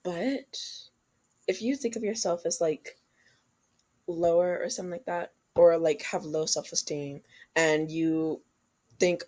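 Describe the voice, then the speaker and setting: Young woman podcast cohost, lowish voice, chatty, talks straight to y'all. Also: animated, moderate pace, darkish tone. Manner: chatty, addresses listeners as y'all, frank advice. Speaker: podcast co-host. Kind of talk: casual chat.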